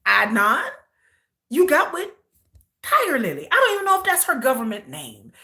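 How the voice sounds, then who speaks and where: American woman livestream host, bright higher voice, blunt and disbelieving commentary. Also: big pitch swings, normal speed. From United States. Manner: outspoken, incredulous ranting with mocking mimicry. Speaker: live-stream host reacting to a reality show.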